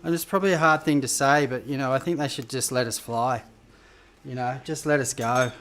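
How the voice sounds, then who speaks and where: A man's voice: medium pitch, steady tone, fairly quick, a bit bright, a little hiss or hum. An Australian man hosting a live cooking stream, chatting with viewers in a rambling, casual way and swearing freely as he cooks in a home kitchen. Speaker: cooking show host.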